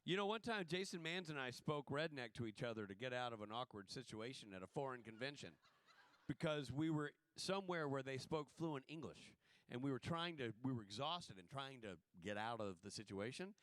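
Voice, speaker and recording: Man from the American South, convention panel guest, mid-pitched, dry close sound, animated storyteller. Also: brisk, no room sound. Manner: animated storyteller, jokey, acts out voices. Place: convention hall stage.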